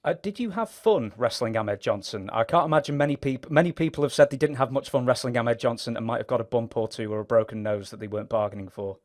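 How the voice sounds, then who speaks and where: A man's voice: medium pitch, fast, hardly any pauses, a little mellow, no room sound, studio quality. A man interviewing a guest, asking long questions with hesitant fillers. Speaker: interviewer and author.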